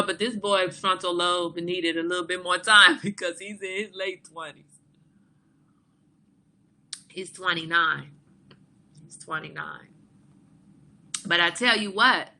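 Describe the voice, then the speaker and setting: A woman in her forties talks casually to her livestream viewers, frank and joking as she reads out their comments. Her voice sits a little low but rings bright and forward. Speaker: livestream host. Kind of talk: casual chat with live viewers.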